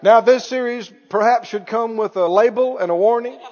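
A man preaching a sermon, exuberant, shouting praise and stretching words out for emphasis. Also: very high-pitched, moderate pace, dull audio, background noise. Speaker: pastor. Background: congregation.

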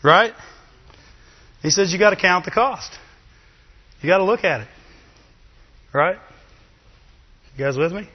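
A man preaching a sermon in a lively, chatty way, with asides to the congregation. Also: high-pitched, measured pace, long pauses, slightly rough. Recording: dull, long reverb of a hall.

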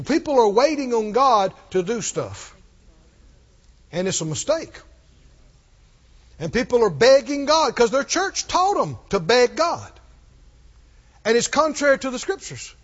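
A man's voice: extremely high pitch, big pitch swings, a little slow, long pauses. A man preaching a sermon with emphasis, often firing questions at the congregation. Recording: dull lo-fi recording.

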